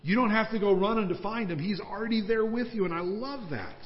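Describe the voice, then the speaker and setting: A man preaching a sermon as pastor, swinging between raised, emphatic questions and hushed, slowed asides. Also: high voice, slight background noise. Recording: long church-hall reverb, dull lo-fi sound.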